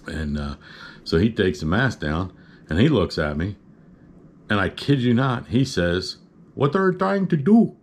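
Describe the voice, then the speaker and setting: A man's voice: low voice, lively intonation, measured pace, pauses often. A man telling a personal story in a casual, rambling, good-humored way, full of "uh" and "you know".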